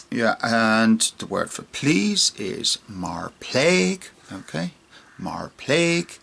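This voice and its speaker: A man's voice: lowish voice, vocal fry, sharp tone. A man teaching a casual online language lesson, repeating words and checking in with "okay?" after each one. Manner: chatty and informal, with many fillers.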